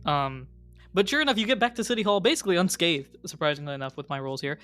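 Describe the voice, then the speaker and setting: A man narrating a tabletop role-playing game as game master, relaxed and chuckling. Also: fairly high pitch, fast talker, soft background music.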